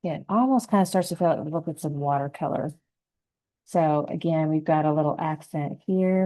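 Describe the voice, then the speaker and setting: Woman painting instructor; warm, low-pitched, relaxed, narrates her brushwork as she goes. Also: rough recording. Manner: gentle, unhurried, thinking aloud while painting. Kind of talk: step-by-step painting lesson.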